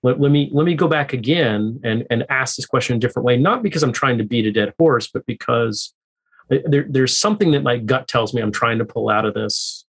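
A man's voice: medium pitch, a little fast, husky, rough recording. A man hosting a podcast interview, asking thoughtful questions and rephrasing them at length. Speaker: podcast host.

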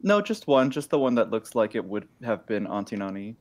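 A man's voice: fairly low pitch, very animated, brisk. A man playing in a tabletop game, chatting casually in a blunt, playful way. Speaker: player.

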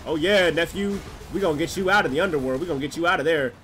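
A man's voice: on the high side, rapid-fire, a bit bright, slight background noise, natural voice. A man voicing jovial male Olympian gods who chummily offer their help, in a folksy, drawling, overly friendly way. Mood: chummy.

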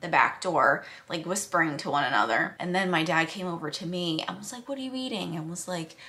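A woman's voice: low voice, a little fast, sharp tone. A young woman chatting casually to the camera in a vlog at home, talking loosely with lots of "like" and sometimes dropping to a whisper. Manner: chatty, says "like" often, drops to a whisper at times. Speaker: vlogger.

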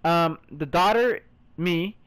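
A man streaming a story game, reacting excitably, exclaiming, swearing and calling the viewer "bro" all the time. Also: on the high side, slow pace, clean tone. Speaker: gaming streamer. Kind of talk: let's play commentary.

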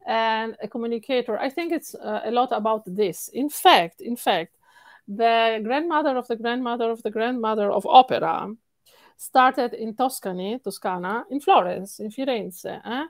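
Animated Italian-accented woman coach. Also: fairly high pitch, normal speed, dry recording. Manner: animated, repeats words for stress, laughs often. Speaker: singing coach. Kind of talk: interview answers.

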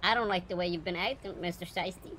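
A man's voice: high voice, fairly even intonation, fast, bright, forceful tone, slight background noise, low-quality recording. A man using a voice changer to play a young woman civilian making a prank call, coy at first and then meek and polite. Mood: teasing. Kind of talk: prank call in game voice chat.

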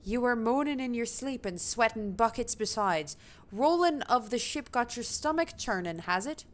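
A woman's voice: on the high side, lively intonation, voice pushed up, lightly acted. A woman voicing a chatty male ship peddler, reading his lines with a shaky attempt at a British accent. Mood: folksy. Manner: reading the lines aloud with a halting put-on accent.

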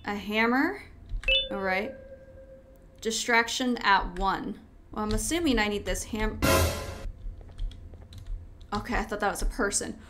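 A woman's voice: mid-range voice, measured pace, pauses often, very noisy. A woman playing a horror video game, chatting to the game as she goes and crying out in panic when it frightens her. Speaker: gaming video host.

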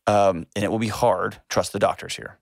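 A man's voice: fairly low pitch, steady tone, moderate pace, creaky, no room sound. Male call-in host, emphatic and earnest, repeats lines for weight, dry close sound. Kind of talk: call-in advice talk.

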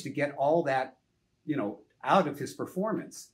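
An older man tells behind-the-scenes stories in a loose, conversational interview. He is animated and meandering, peppering his speech with "you know" and the occasional swear word, in an ordinary mid-pitched voice. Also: measured pace. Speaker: film director, interview guest. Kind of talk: casual interview storytelling.

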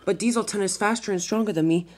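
A storyteller voicing a small, anxious young male tank engine in a toy train fan film, talking in a fretful, excitable way. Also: mid-range voice, quick pace, voice pushed up, natural voice. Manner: fretful, exclaims easily.

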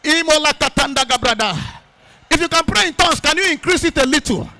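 A man preaching a sermon, swinging from low spoken phrases to shouted, chanted lines and prayer in tongues. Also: quick pace, vocal fry, slight background noise. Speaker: pastor. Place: church meeting at a camp.

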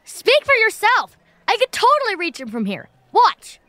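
A wisecracking kid adventurer who boasts and grumbles, played by a woman in a family audio adventure. The voice sits high and leaps about in pitch. The recording is dry and close. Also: wildly swooping pitch, normal speed, sharp tone, no echo, heavily acted. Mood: playful. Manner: wisecracking, impatient. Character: Max, cheeky sporty kid adventurer. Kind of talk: children's audio drama.

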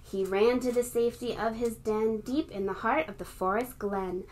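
A librarian reading a picture book aloud to young children and leading them in a game. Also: female voice, on the high side, normal speed, slight background noise. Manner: warm, encouraging, talks to young kids.

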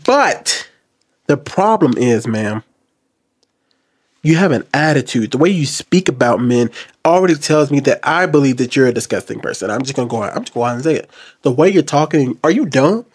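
A man commenting on a video clip to his viewers, jumping between loud outbursts and low, quiet asides. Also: expressive, brisk, slightly rough. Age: adult. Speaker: reaction commentator. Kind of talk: casual commentary to camera.

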